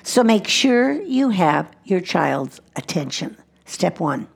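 A woman's voice: fairly low pitch, sing-song, slow, creaky, slightly rough. A woman speaking at a conference, teaching mothers about Christian parenting in an earnest way and repeating her key points for emphasis.

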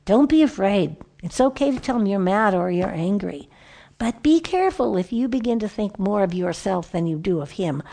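A woman giving a conversational Bible teaching to a group of women, animated and storytelling, often restarting her sentences. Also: mid-range voice, moderate pace, vocal fry. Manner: lively, animated storytelling with frequent self-corrections.

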